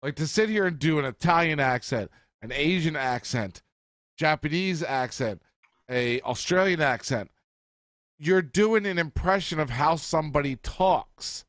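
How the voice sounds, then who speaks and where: A man's voice: fairly high pitch, expressive, fairly bright tone, no echo. A man co-hosting a podcast in casual chat, arguing his points and swearing as he rants. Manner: argumentative, swearing, rapid rants. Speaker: podcast co-host.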